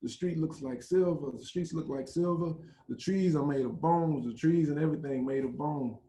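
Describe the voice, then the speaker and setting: A man's voice: on the high side, moderate pace, dark tone, echoey room, a little hiss or hum, voice pushed up, close to an everyday voice, low-quality recording. A man voicing a troubled man caught in a vision, exclaiming in awe at what he sees. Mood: awestruck. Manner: awed, exclaiming.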